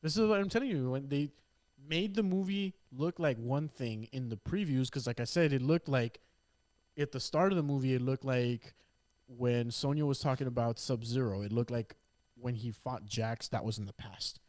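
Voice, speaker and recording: A man's voice: mid-range voice, normal speed, a little mellow, no echo. A man cohosting a podcast, giving blunt, opinionated takes in casual chat and cursing freely.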